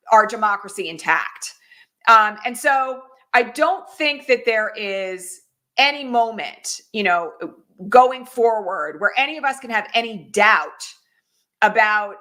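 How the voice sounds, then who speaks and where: A middle-aged woman hosts a political livestream, her voice on the high side, pushed and bright. As a commentator, she speaks urgently and directly, tossing rhetorical questions at her audience.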